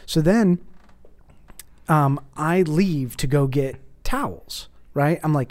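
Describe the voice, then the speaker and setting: A man hosting a podcast, telling a comic story in an animated way, swearing freely and acting out the quotes. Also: fairly high pitch, takes it slowly.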